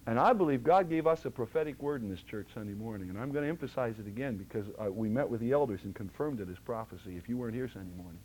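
A man preaching a sermon as pastor, impassioned, swinging from loud exhortation to hushed, low tones. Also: expressive, fast talker, few pauses, slight background noise, poor audio.

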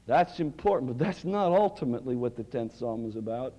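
A male preacher, delivering a sermon with dramatic swings from loud cries to near-whispers. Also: medium pitch, expressive, fairly quick.

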